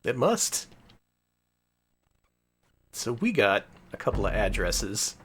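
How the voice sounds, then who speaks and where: Joking, lively male streamer. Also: lowish voice, slow, a little hiss or hum. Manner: joking, animated. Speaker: streamer host. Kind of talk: casual game stream commentary.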